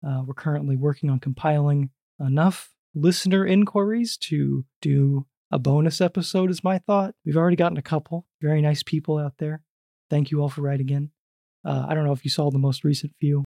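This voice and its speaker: A man hosting a casual podcast, joking quickly and a little out of breath, recording in a small booth. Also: a little high, fairly even intonation, vocal fry, dark tone, no room sound, studio quality. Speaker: podcast host.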